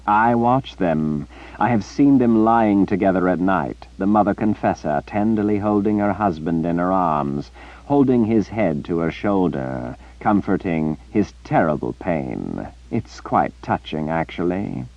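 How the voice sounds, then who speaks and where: A man's voice: sits low, expressive, measured pace, no echo. An arrogant, theatrical sorcerer, as a male narrator puts him on in a raised, drawling voice that swings between lofty and sneering. The recording is dry and somewhat muffled. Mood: haughty. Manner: drawling, haughty, dismissive.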